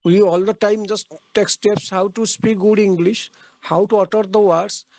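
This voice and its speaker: A man lectures on literature in a high-pitched voice with a rough, gravelly edge. He works through his points haltingly, filling gaps with "uh" and restating each idea. The sound is close and dry, with no room echo. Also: steady tone, a little mellow. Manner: halting, repeats key phrases, frequent "uh" pauses. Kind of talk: classroom lecture.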